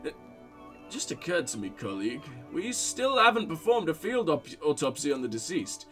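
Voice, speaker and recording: A composed middle-aged police lieutenant from a detective game, formal and unhurried, as a man gives him voice. The tone sits higher than most men's, with faint music in the background. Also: big pitch swings, fairly bright tone. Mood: calm. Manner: measured and formal.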